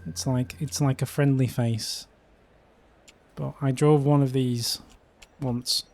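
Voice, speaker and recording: A man's voice: medium pitch, steady tone, slow, darkish tone. A man from the UK hosting a casual livestream, chatting in a rambling way with frequent fillers. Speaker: livestream host.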